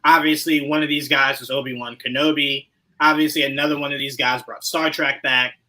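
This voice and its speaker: Bright-voiced animated man, podcast host. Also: brisk, poor audio. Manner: animated, laughing, swings from low asides to loud outbursts. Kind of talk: casual chat.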